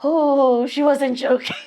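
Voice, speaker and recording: Woman, slightly high voice, laughs a lot, casual storytelling. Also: steady tone, slow, dark tone. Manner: laughs often while telling stories. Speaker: podcast co-host. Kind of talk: casual chat.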